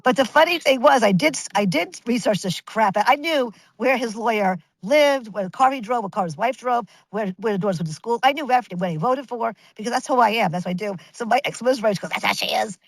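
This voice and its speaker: A woman in her fifties telling her story as a guest in an interview, animated and chatty, restarting sentences and acting out what others said. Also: on the high side, fast, few pauses, dry recording, low-quality recording. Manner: animated, chatty, with many restarts and acted-out quotes.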